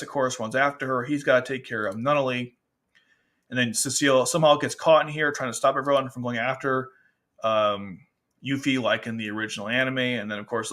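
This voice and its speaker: Male reviewer, casual rambling chat, mid-pitched, restarts often, slips into character voices. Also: a bit bright. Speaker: anime and manga reviewer.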